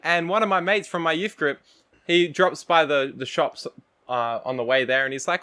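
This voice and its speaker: A young Australian man, a podcast co-host, telling a rambling story among friends in a casual, animated way, with frequent laughs, fillers and restarts. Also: fairly high pitch, moderate pace, clean tone.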